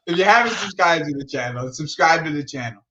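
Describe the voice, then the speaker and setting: Picture a young man riffing through a live football watch-along, loose and slangy, tossing in "bro" and laughing between thoughts. His voice sits fairly high and sounds bright and forceful. It comes through a slightly muffled, lo-fi mic. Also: moderate pace. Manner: animated, slangy, says "bro" a lot, laughs often. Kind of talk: casual live commentary chat.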